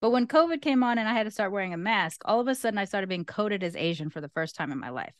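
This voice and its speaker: A woman's voice: lowish voice, clean tone, no room sound, clean studio sound. A woman from North Long Beach giving her frank opinions at length in a casual podcast conversation. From North Long Beach, California. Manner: candid, opinionated, talks at length. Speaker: guest co-host.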